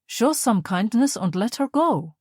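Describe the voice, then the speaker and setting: A woman's voice: a little high, animated, a little slow, darkish tone, no echo, clean studio sound, pitched above the performer's own voice. A woman voicing an earnest male priest who pleads with soldiers. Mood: pleading.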